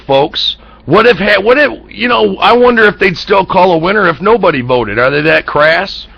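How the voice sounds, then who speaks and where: A man's voice: high voice, vocal fry, pushed and bright, breathy edge, no room sound, muffled recording. An American man hosting an internet talk show, ranting bluntly about politics with profanity and heated rhetorical questions. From United States. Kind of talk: political commentary rant.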